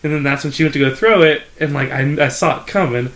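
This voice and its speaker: Fast-talking young man, rambling story. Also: creaky, fairly bright tone. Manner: rambling, lots of "like", acts out customers in higher voices. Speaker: podcast co-host. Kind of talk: casual storytelling chat.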